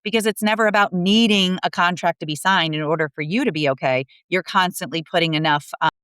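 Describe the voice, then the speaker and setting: A woman's voice: on the low side, fast, fairly bright tone, smooth, dry recording. A woman guest on a podcast, explaining sales in an earnest way, often restarting her sentences. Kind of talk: casual podcast conversation.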